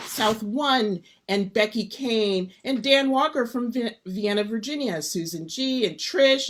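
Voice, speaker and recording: An upbeat woman hosts a live stream and greets viewers one by one. Her voice sits at a middle pitch, and she comes across as lively and cheerful. She grew up around Detroit. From Detroit area. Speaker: host.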